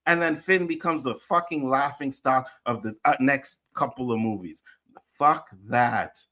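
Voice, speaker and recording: Bright-voiced man ranting with heavy swearing. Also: medium pitch, a little slow. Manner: heated, swears constantly. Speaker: livestream show co-host. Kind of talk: casual profane rant.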